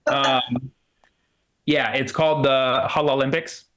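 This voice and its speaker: A man's voice: mid-range voice, fairly even intonation, slow pace, a bit bright, a little hiss or hum. A man doing a loose, rambling stand-up comedy set in a comedy club, full of fillers and restarts.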